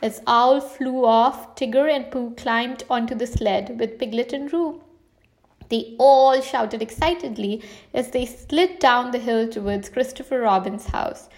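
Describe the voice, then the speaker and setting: A woman with a slightly high voice reads a children's storybook aloud. Her telling is gentle and unhurried, and she brightens into livelier voices whenever the characters speak. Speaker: storybook reader.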